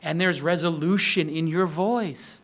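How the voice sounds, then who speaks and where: A middle-aged man hosting a talk on product demos, animated and acting out example pitches with shifting tone. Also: unhurried. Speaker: host. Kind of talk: instructional talk on startup demos.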